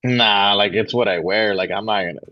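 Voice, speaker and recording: Fast-talking low-voiced co-host, man. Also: no echo, dull audio. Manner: fast, blunt, profane slang. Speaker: podcast co-host. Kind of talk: casual comedic chat.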